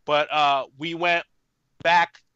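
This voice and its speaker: A man in his thirties, a guest on an interview podcast, telling a story in a rambling, animated way with lots of fillers. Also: fairly high pitch, takes it slowly, clean tone, no room sound. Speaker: podcast guest, army veteran. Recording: muffled lo-fi, dry room.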